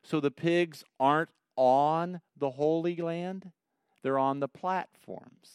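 A man's voice: on the high side, slow, smooth, dry recording, studio quality. A man teaching a Bible study in a folksy, joking way, telling stories between verses. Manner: folksy storytelling with lively jokes. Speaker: pastor leading a Bible study.

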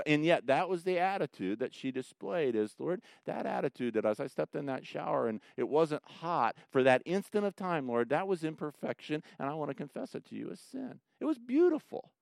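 A middle-aged male pastor giving a conversational sermon, swinging from loud emphatic bursts down to soft, quiet asides. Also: fairly high pitch, big pitch swings, fairly quick, vocal fry, few pauses, dry recording, studio quality.

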